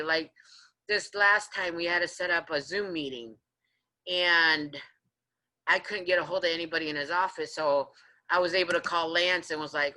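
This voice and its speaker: A woman housing advocate speaking on a video call, her voice low-pitched but bright and forceful. She tells her stories in an animated way and acts out what each person said. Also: normal speed, low-quality recording. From San Diego area, California. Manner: animated storyteller acting out her own quotes. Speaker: housing advocate and resident leader. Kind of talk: storytelling in a panel interview.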